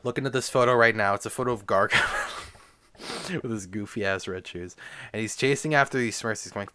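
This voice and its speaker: A man's voice: on the low side, a little fast, sharp tone, clear, resonant tone. A young man delivering a crude, rambling comedy rant packed with swearing and filler words. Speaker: comedic ranter.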